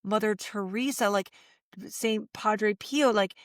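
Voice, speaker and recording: A woman's voice: mid-range voice, slow, no room sound, studio quality. A middle-aged woman, a Catholic speaker and author, talking as a guest in an interview and telling stories with acted-out quotes. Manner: animated storytelling, acts out quotes. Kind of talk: conversational interview.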